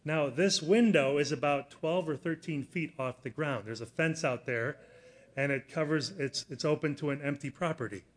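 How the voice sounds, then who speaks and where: A middle-aged man preaches in an earnest storytelling voice that sits a little high for a man. He builds from steady explanation to loud, emphatic moments as he drives home his points. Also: normal speed. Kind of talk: sermon with personal story.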